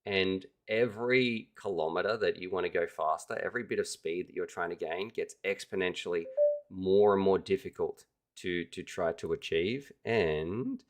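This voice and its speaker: Low-voiced man hosting a livestream. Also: moderate pace. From Australia. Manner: enthusiastic, chatty, addresses viewers directly. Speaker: livestream host. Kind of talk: casual livestream chat.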